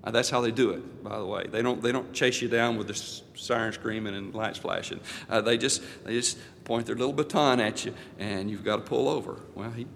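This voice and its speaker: A man's voice: fairly low pitch, fairly quick, vocal fry, hardly any pauses, fairly bright tone, long reverb tail, slight background noise. A male pastor and missionary telling a folksy, anecdotal story in a sermon, with frequent restarts.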